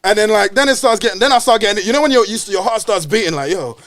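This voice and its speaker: Brief: man, quick and high-pitched, slangy animated storyteller on a podcast. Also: dry recording. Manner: animated, slangy, swears a lot. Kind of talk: casual storytelling chat.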